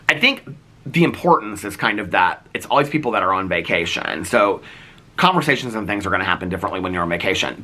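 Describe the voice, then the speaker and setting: Male vlogger with a low pitch, casual, heartfelt, meandering filler-heavy talk. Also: bright, forceful tone. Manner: rambling, heavy use of "like"; earnest and heartfelt. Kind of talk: casual chat.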